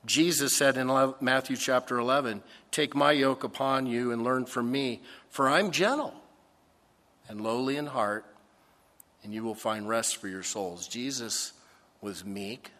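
A man preaching a sermon, slow and emphatic, swinging between loud stressed phrases and soft, low asides. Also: long reverb tail. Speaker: pastor.

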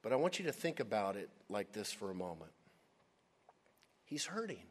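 Animated, emphatic male preacher. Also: fairly low pitch, normal speed, slightly rough. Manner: animated, emphatic, addresses audience as "gang". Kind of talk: sermon.

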